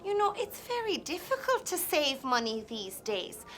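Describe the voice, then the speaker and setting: Worried chatty housemaid, earnest, confiding, very high lively voice. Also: female voice, normal speed. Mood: fretful. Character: anxious, chatty woman housemaid. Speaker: sketch character. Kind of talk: comic TV sketch acting.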